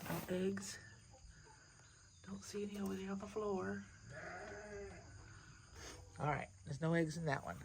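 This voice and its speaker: Outdoors and very noisy, this farm chore vlog catches a woman's creaky, medium-pitched voice at a measured pace, pausing often. She's chatty, talking and cooing to the animals while her camera sits nearby.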